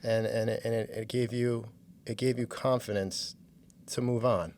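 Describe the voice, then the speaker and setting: A man's voice: mid-range voice, fairly even intonation, normal speed, darkish tone. A man from New York, a musician guest, talking easily and with some hesitation in a casual interview.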